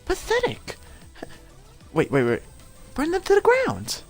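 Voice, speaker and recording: A man putting on the voice of a haughty female game villain, talking in a slow, disdainful, theatrical way. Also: very high voice, huge pitch swings, faint music behind, pitched above the performer's own voice, exaggerated voice. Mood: scornful.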